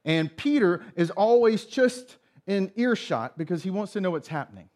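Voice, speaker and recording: A man's voice: high-pitched, lively intonation, moderate pace, darkish tone. A male pastor giving a sermon, retelling a story and acting out the characters' lines. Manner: storytelling, acts out voices in retelling.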